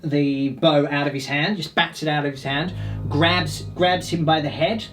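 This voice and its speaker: A man's voice: a little high, fairly even intonation, moderate pace, a bit bright, far from the mic, soft background music. A man with a slightly raised voice tells his character's fight blow by blow in a tabletop game. He talks animatedly, repeats himself and adds little sound effects. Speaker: player.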